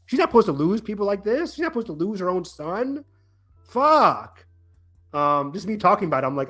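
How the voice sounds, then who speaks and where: Animated man rambling through a show recap. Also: sits high, brisk, soft background music. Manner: animated, rambling, many restarts and acted-out quotes. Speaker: podcast co-host. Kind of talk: casual TV recap chat.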